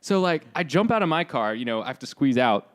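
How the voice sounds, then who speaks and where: A young man co-hosting a podcast, telling a story in a loose, animated way with lots of fillers and acted-out lines. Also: mid-range voice, fast. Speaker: podcast co-host. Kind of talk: casual storytelling.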